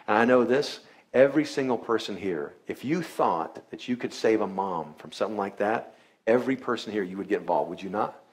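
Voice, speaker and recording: A low-pitched man speaks to a live audience in an event hall. He is a chiropractor telling an earnest story and voices each quoted line himself. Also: animated, brisk. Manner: earnest, acts out quoted dialogue.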